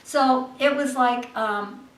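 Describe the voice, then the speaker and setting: Actress guest, lively and animated, a bit high. Distant mic in a roomy space. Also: female voice, slow pace. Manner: lively, acts out the people in her story. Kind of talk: animated anecdote telling.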